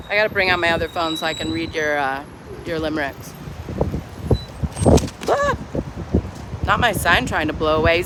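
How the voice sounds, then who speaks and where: Holding her phone while livestreaming outdoors at a street protest, a woman chats with sarcastic, mocking humor, very animated yet at a normal speed with long pauses. Her voice is lowish, and traffic and street noise surround her.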